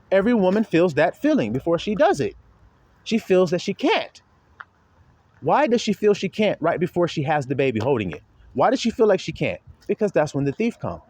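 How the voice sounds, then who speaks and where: Animated, slangy male preacher. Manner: animated, slangy, often laughing, swings between low and high. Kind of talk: informal sermon to followers.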